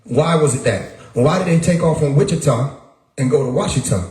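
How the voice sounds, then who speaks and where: A man's voice: fairly high pitch, fairly quick, darkish tone. Emphatic man talking in an echoey room. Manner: emphatic, repeats words, rhetorical questions. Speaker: livestream host. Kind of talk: casual livestream monologue.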